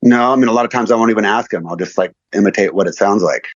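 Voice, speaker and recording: A man's voice: on the low side, fast, no room sound, muffled recording. A man being interviewed as a musician, answering in short, offhand, laid-back remarks. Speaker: musician guest. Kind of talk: casual interview chat.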